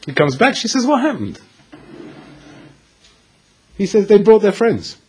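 A man giving a storytelling Torah lecture, animated and acting out the dialogue with dramatic pauses. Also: high-pitched, slightly rough, low-quality recording. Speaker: Torah teacher.

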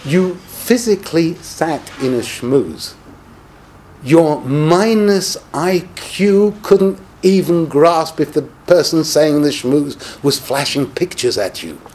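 A man giving a yeshiva-style Torah lecture as a rabbi, animated and sarcastic, peppering his English with Hebrew and Yiddish terms. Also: on the high side, slow, slight background noise.

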